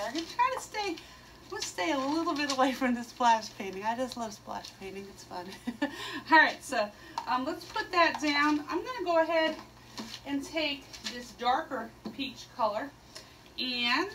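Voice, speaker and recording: A woman's voice: sits high, distant mic, noisy background. A woman giving a casual painting lesson, chatty and playful, humming little "woo" sounds as she works. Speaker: art teacher.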